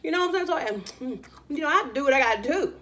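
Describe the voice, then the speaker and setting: A woman's voice: sits high, animated, racing, pushed and bright. Chatty woman hosting an eating show. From Louisiana, US. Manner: chatty, addresses viewers as y'all, eats between lines. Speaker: mukbang host. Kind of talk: casual eating-show chat.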